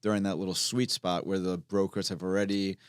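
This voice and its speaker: Deep-voiced broker on a panel. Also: male voice, flat delivery, a little fast, clear, resonant tone, no echo, studio quality. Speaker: guest real estate broker. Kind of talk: casual panel talk. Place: studio.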